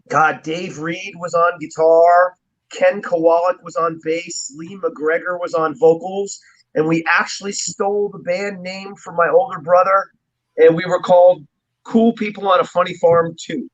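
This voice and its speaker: A man's voice: high-pitched, level tone, measured pace. A man from New Jersey, a drummer guest, telling stories in a casual, rambling way and chuckling often. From New Jersey, USA. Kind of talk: casual interview chat. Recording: dull, muffled lo-fi sound.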